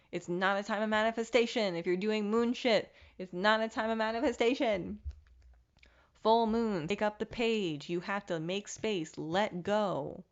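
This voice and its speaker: Woman, podcast host, candid motivational chat, mid-pitched voice, slightly dull lo-fi sound. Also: a little slow. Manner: candid, reflective, mildly profane self-help talk. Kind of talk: casual motivational monologue.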